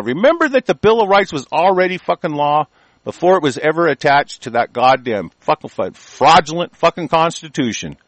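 A man hosting a radio show, delivering an angry, profanity-filled monologue full of halting restarts. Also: a little high, fairly bright tone, no room sound, poor audio. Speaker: radio host.

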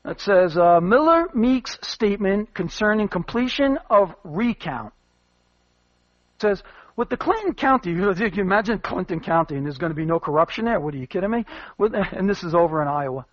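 A man's voice: sits high, expressive, normal speed, no echo, muffled recording. A man hosting a commentary show, rambling and emphatic with many fillers. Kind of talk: casual spoken commentary.

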